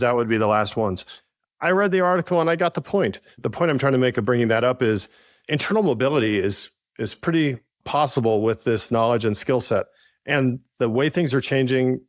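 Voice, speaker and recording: A man's voice: mid-range voice, no echo. Earnest man on a podcast, dry sound. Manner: earnest, storytelling with frequent "I think". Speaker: podcast co-host and business leader. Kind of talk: casual conversational podcast chat.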